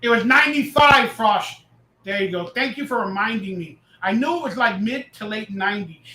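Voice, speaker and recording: A man hosting a casual live reaction stream, talking loudly and excitably, reading and answering chat messages as he goes. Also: high-pitched, normal speed, roomy sound, low-quality recording. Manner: loud, excitable, reads chat aloud.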